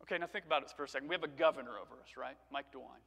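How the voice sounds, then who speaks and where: Bright-voiced preacher in a reverberant church. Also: male voice, medium pitch, rapid-fire, vocal fry. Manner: conversational storytelling with rhetorical questions. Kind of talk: sermon. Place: church sanctuary.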